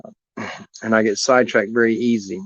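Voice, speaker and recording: A man's voice: fairly low pitch, fairly even intonation, normal speed, no room sound. A man, telling a heartfelt personal story in a rambling, earnest way to viewers on his live stream. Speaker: animal rescue host on a live stream. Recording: dull lo-fi live stream audio.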